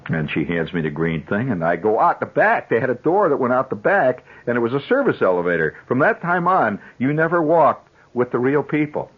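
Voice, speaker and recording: A man's voice: medium pitch, breathy edge. A man in his fifties, a radio host telling a long, rambling story in a conversational way with chuckling asides. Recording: dull 1970s radio broadcast.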